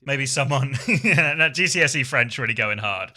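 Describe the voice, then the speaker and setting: English male esports streamer, very bright forceful tone, chatty and self-deprecating, easy stream talk. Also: medium pitch, expressive, normal speed. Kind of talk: casual stream chat and play-by-play commentary.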